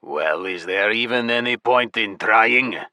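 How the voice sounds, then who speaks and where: A man's voice: fairly low pitch, measured pace, sharp tone, no room sound, clean studio sound. A man voicing a smug, scheming male gnome clan leader who talks in a theatrical, condescending way in an audiobook.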